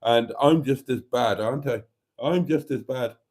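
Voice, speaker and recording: Camp chatty guy doing a live stream, mellow voice, laughs a lot. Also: medium pitch, moderate pace. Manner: camp, chatty, laughs often, addresses viewers as darlings.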